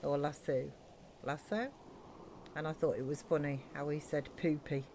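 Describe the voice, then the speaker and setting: A woman's voice: low voice, level tone, normal speed, warm tone, a little hiss or hum. A woman streaming a building game, chatting casually and thinking aloud with many ums. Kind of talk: casual live-stream chat.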